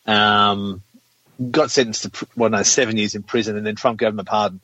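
A man's voice: lowish voice, steady tone, brisk, pushed and bright, no echo. A man talking in a sarcastic, sweary way in a casual chat, ranting with dry jokes. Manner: sarcastic, sweary, rants about politics. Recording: dull lo-fi recording.

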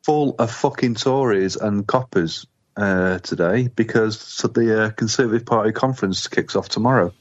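A man's voice: on the low side, moderate pace, lo-fi sound. A man co-hosting a podcast in casual chat, blunt, mocking and sweary. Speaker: podcast co-host.

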